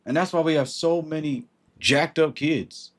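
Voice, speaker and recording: A man's voice: a little high, unhurried. A man hosting a livestream and giving blunt, emphatic advice in a casual way. He greets viewers by name as he talks. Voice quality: husky.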